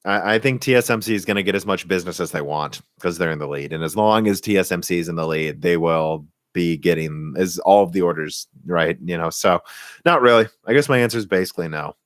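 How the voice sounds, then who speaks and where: A young man with a deep voice answers viewer questions on a live stream from a home room, with clean studio sound and no room sound. His Midwestern American accent is from Minnesota, the kind heard in Minnesota, Michigan and central Illinois, and he's opinionated, talking in quick bursts with restarts and laughs.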